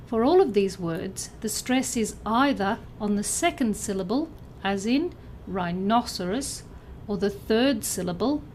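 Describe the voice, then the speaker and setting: A woman narrating a scripted pronunciation lesson, enunciating each example word clearly and carefully. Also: a little high, darkish tone, slight background noise. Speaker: pronunciation teacher.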